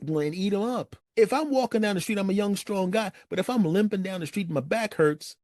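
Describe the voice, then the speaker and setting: A man hosting his own show, telling funny stories from his life in an animated way and acting out his friends' voices. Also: no room sound, clean studio sound. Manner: animated, acts out friends' voices with big pitch jumps. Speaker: podcast host. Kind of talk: humorous storytelling monologue.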